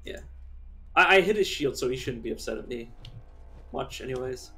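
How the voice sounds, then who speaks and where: A man's voice: medium pitch, animated, normal speed, sharp tone, faint music behind. A man giving casual, rambling commentary while streaming a game, chatty and given to casual swearing.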